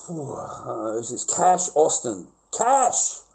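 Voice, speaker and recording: A man's voice: mid-range voice, very animated, takes it slowly, vocal fry, darkish tone, rough recording. An Australian man livestreaming and chatting with callers in a rambling, profane, rowdy way. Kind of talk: casual livestream chat with callers.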